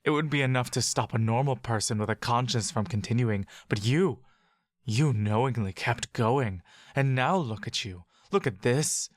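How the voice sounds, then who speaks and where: The audio drama narrator voicing a menacing, controlling male caregiver who talks in a low, slow, booming voice. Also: no echo, close to an everyday voice. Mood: scornful.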